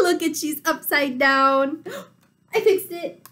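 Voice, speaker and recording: A woman teacher reading a picture book aloud to young children, animated and full of gasps. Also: extremely high pitch, slow pace, slight background noise.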